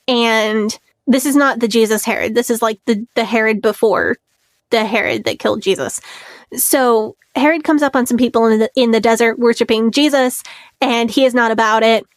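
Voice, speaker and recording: Chatty higher-pitched woman podcaster. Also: normal speed, dry recording. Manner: chatty, laughs often, retells scenes with quotes. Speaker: podcast co-host. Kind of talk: casual podcast chat.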